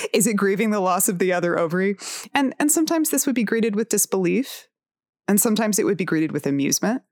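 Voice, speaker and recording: A woman's voice: medium pitch, animated, fairly quick, a little mellow, dry recording, clean studio sound. A woman in her forties hosting a personal tarot podcast, talking frankly and candidly, with swearing and laughs. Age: 40s. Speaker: podcast host.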